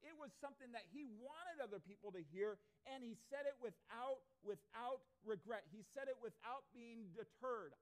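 High-voiced man preaching a sermon. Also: moderate pace. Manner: earnest preaching with rhetorical questions. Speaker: pastor. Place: church before a congregation.

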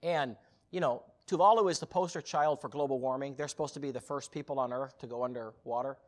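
A man preaching a sermon as a missionary, telling a story with animated, rising passion. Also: mid-range voice, fast.

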